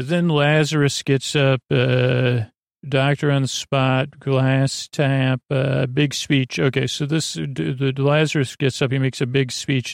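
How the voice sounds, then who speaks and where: A man with a gravelly, creaky voice recaps an episode on a podcast, rambling and filling gaps with uhs. His voice sits at an ordinary pitch, close and dry with no room sound. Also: no echo. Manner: rambling, many ums and uhs, loosely quotes characters. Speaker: podcast host.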